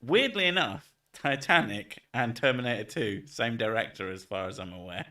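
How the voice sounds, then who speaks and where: A man's voice: on the low side, moderate pace, sharp tone, distant mic. A man streaming and chatting casually, joking, swearing and reading chat messages aloud.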